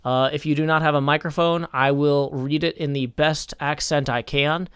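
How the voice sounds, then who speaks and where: Man, stream host, measured mock-formal delivery, smooth clear voice, dry sound. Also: fairly high pitch, steady tone, a bit bright, no echo. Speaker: streamer hosting a game server. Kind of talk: casual livestream chat.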